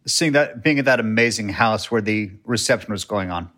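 A man's voice: fairly low pitch, normal speed, pushed and bright. A man co-hosting a casual rewatch podcast, chiming in with dry, joking asides. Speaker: podcast co-host.

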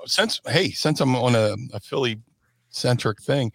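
A middle-aged man, a former wrestler telling lively stories on a podcast and acting out voices. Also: medium pitch, measured pace, breathy edge, dry recording. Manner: animated, acts out voices and shouts in stories. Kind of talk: casual storytelling.

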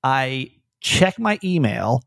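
A man hosting a podcast in casual chat, candid and rambling, with animated retellings. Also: medium pitch, slow pace, creaky, no room sound, clean studio sound. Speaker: podcast host.

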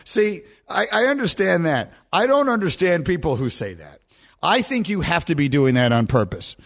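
A man's voice: on the high side, moderate pace, creaky. A man hosting a sports radio show from a studio microphone, telling stories in casual banter and often cracking himself up. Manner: animated storyteller, breaks into laughter.

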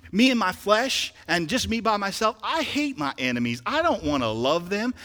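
A man's voice: mid-range voice, fairly bright tone, big-room sound. A man preaching a sermon as pastor, building emphasis with rhetorical questions to his congregation. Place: church sanctuary.

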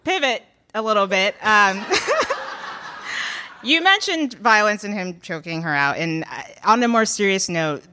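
Bright-voiced woman interviewer. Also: mid-range voice, lively intonation, a little slow. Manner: friendly, reacts with short laughs and asides. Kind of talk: casual interview.

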